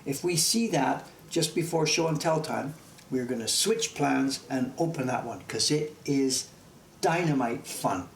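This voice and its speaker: A man's voice: medium pitch, unhurried, gravelly. A man in his sixties with a Canadian accent carrying faint English traces, chatting casually and enthusiastically while streaming from his print workshop. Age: 60s. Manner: chatty, enthusiastic, easily amused. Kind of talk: casual live-stream chat. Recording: echoey room with background noise.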